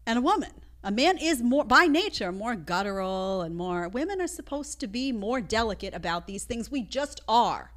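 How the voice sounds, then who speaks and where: A woman hosting a live show, reacting to clips in an emphatic, opinionated way and talking straight to her chat. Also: a little high.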